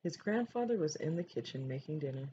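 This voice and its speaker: Low-voiced woman reading a picture book. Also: animated, a little fast, dark tone. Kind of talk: storybook read-aloud. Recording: dull lo-fi recording, faint noise.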